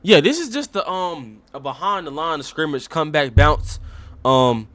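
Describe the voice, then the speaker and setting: A man's voice: on the high side, animated, normal speed, fairly bright tone, slight background noise. Profane man joking through game film. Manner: profane, rambling, mock-serious. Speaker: host. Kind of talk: comic sports breakdown.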